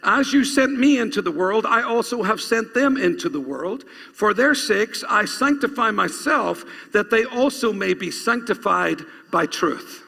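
A man's voice: high voice, expressive, a little slow, creaky, hardly any pauses, sharp tone. A male pastor preaching a sermon, reading scripture aloud and urging the congregation to repeat lines after him. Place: church. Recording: long reverb of a church hall.

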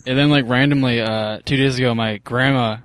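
A man's voice: mid-range voice, steady tone, a little fast, crowd noise. A young man hosting a podcast, telling crude rambling stories in casual chat and slipping into silly voices. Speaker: podcast host.

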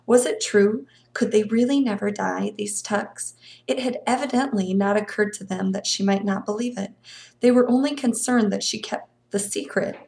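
A woman reads a novel aloud in an expressive storytelling manner. Her voice sits at a middle pitch and has a gravelly texture. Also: moderate pace. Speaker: reader of a novel.

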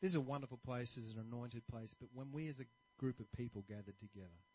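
A man preaching a sermon, telling stories and admitting his own faults in an animated manner. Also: medium pitch, quick pace, husky, poor audio. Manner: animated, storytelling, self-deprecating. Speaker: pastor.

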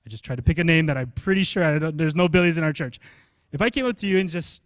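A young adult male pastor, preaching a sermon in an animated, conversational way and asking the congregation questions. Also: on the high side, fast talker, dry recording, clean studio sound.

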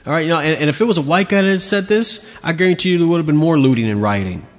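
A man's voice: a little high, lively intonation, very fast, big-room sound. A man hosting his own podcast, ranting bluntly and sarcastically with lots of swearing. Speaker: podcast host. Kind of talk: opinionated solo rant.

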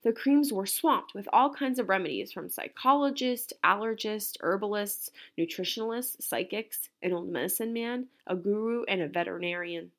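A woman teacher reading a picture book aloud to a class, an expressive storyteller. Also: mid-range voice, moderate pace, hardly any pauses.

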